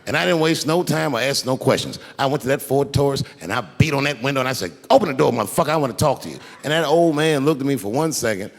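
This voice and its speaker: A man doing stand-up storytelling before a live audience, animated and profane, acting out the people in his story. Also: mid-range voice, fast talker, hardly any pauses, long reverb tail. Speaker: stand-up comedian. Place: large theater stage before a live audience.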